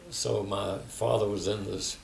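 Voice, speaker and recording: Older man, gravelly voice, echoey room. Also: lowish voice, steady tone, measured pace, recorded from a distance. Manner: reflective storytelling, quoting others. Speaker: interviewee. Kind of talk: oral history interview. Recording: echoey room, faint background noise.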